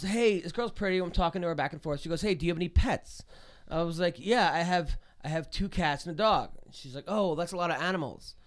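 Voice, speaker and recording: A man's voice: a little high, smooth. A man co-hosting a podcast, telling rambling, profane, jokey stories in casual chat. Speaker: podcast co-host and comedian; youth wrestling coach.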